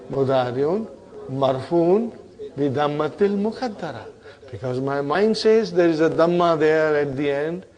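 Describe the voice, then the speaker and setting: A man's voice: fairly high pitch, darkish tone. A man teaching an Arabic grammar class, drilling verb forms aloud and checking on his students with "huh?" and "brother".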